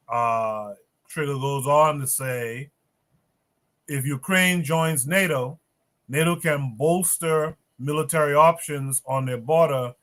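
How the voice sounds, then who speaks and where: A man hosting a livestream panel, reading viewer comments aloud in a steady way with hesitant fillers. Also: fairly high pitch. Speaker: livestream podcast host.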